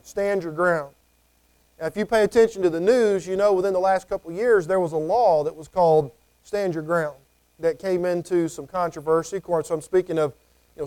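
A man's voice: high voice, a little mellow. A man preaching a conversational sermon, often acting out what people might say. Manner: conversational, acts out quoted voices.

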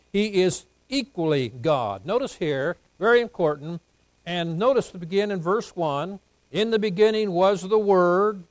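An older man preaching a sermon, swinging between soft asides and loud emphatic points, with folksy jokes. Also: a little high, no echo, rough recording. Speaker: pastor.

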